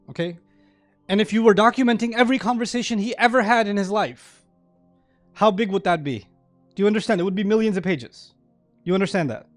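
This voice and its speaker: A man giving a sermon-style lecture to a live audience, animated and often checking in with listeners. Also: high voice. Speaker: Islamic speaker.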